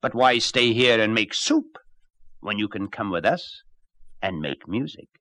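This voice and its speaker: A man's voice: fairly low pitch, big pitch swings, measured pace, sharp tone, no echo, heavily acted. A man voicing a kindly, hopeful old donkey who speaks in a friendly, encouraging way.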